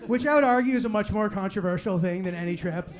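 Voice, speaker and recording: Performing a live stand-up set before an audience, a young man with a noticeably high voice rambles loosely, leaning on "like" and "you know what I mean." He drops in quick quoted lines from friends and family, and a faint crowd can be heard.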